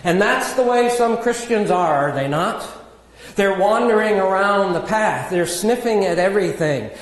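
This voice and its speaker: A man preaching a sermon in a measured, earnest teaching manner, with self-deprecating asides. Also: high voice, expressive. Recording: echoey hall with long reverb.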